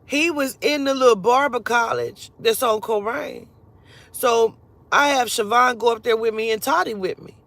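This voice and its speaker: A woman telling a personal story in a casual, animated and profane way, acting out the other people's lines as she goes. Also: a little high, no room sound.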